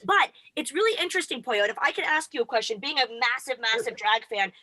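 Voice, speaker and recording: A woman's voice: on the high side, animated, quick pace, pushed and bright, dry recording. A woman co-hosting a casual chat, effusive and emotional as a devoted fan. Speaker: co-host.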